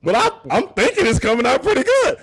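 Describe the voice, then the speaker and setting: Male host, high-pitched, animated, profane, casual banter. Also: quick pace, creaky, a little hiss or hum. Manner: animated, loud, laughing, profane. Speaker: show host. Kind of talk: casual wrestling talk.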